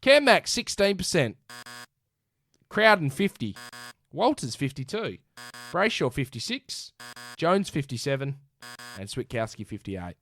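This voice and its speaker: A man with an Australian accent co-hosting a casual sports podcast, reading off stats in an animated way and calling his co-host mate. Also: fairly high pitch, a little slow, long pauses, slight background noise. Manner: animated, rattles off stats, says mate a lot.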